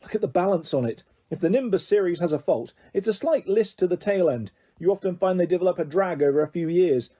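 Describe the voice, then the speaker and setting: A man voicing a brisk, knowledgeable female flying teacher, barely changing his own voice. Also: high voice, animated, warm tone.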